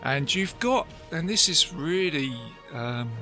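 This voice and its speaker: A man chatting casually as a podcast co-host about a film, lively and talkative, often acting out lines. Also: fairly high pitch, slow, faint music behind. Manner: chatty, animated, quotes film lines in put-on voices.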